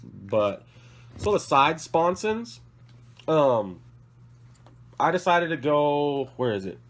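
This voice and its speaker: On the high side and sing-song, his voice moves slowly. The sick, coughing man hosts a casual hobby vlog at his work table, and as he shows off his models he rambles, corrects himself, and apologizes.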